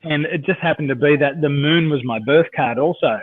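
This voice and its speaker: Speaking briskly in a higher-than-average voice, the Australian coach shares rambling stories as an interview guest, full of fillers and self-restarts. The sound is dry, echo-free, and tinny, like a phone.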